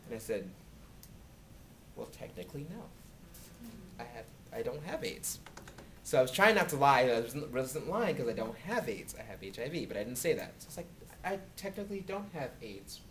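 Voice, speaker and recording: A man answering student questions in casual talk at a university, animated and acting out quoted dialogue from his own stories. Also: mid-range voice, a little fast, a little hiss or hum. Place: university lecture room.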